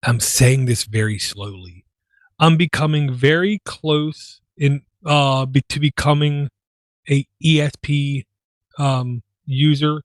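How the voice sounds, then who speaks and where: A man's voice: medium pitch, takes it slowly, no echo. A man hosting a casual tech podcast, talking in a rambling, self-deprecating way. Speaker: podcast host.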